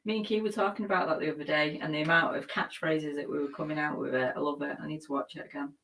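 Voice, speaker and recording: Low-voiced Geordie woman, giggly co-host. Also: steady tone, quick pace, fairly bright tone, low-quality recording. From North East England. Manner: giggly, teasing. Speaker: livestream co-host. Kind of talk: casual live chat.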